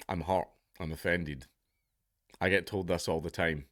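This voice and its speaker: A man's voice: low voice, fairly even intonation, unhurried, a bit bright, no echo, clean studio sound. A man in his thirties with a Scottish accent, ranting sardonically through casual commentary and swearing freely.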